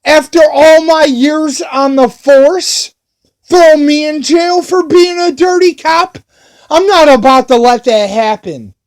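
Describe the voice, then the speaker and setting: A man's voice: very high voice, slow pace. A man voicing an angry, bullying middle-aged police officer who barks threats. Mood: furious. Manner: barking, bullying.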